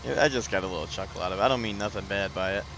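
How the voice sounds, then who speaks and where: A man's voice: low voice, rapid-fire. A man hosting a casual live stream, chatting with viewers by name and laughing often. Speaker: livestream host. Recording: background noise.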